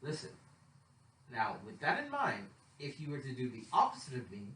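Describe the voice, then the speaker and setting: A young man from Canada co-hosting a casual podcast, loud and swearing, often breaking into laughter and cutting in. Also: mid-range voice, huge pitch swings, moderate pace, recorded from a distance, a little hiss or hum. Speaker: podcast co-host. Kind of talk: casual chat. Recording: roomy echo, away from the mic.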